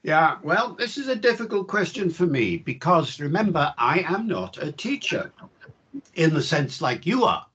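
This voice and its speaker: An older male linguistics professor speaks in a measured, reflective way, leaning into key points with emphasis. His voice is husky and a little high for a man. The video call audio sounds dull and lo-fi. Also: big pitch swings, fairly bright tone. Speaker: linguistics professor, interview guest. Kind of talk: explanatory interview answers.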